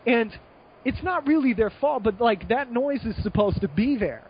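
A young American man telling a long story in a casual podcast chat, rambling and animated, with many fillers and restarts. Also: very high voice, moderate pace, husky, muffled recording. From United States. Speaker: guest.

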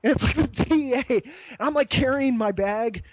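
Profane, rambling high-voiced man. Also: moderate pace, dry recording, dull audio. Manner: rambling, profane, tags lines with "right?"; acts out voices of people in his story. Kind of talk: casual anecdote telling.

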